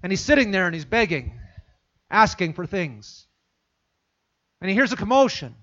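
High-voiced preacher telling a story. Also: male voice, very animated, moderate pace, fairly bright tone, highs cut off. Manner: storytelling, repeating phrases for emphasis. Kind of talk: sermon.

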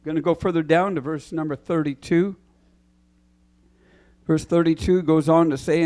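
A man, a preacher, reading scripture aloud deliberately, pausing to clear his throat and correct himself. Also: a little high, fairly even intonation, a little mellow.

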